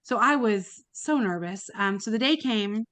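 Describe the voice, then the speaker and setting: A woman's voice: mid-range voice, expressive, measured pace, a bit bright, no room sound. Chatty woman telling a story, dry mic. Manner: chatty, emotional, many fillers and restarts. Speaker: podcast guest, kidney donor. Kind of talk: casual storytelling.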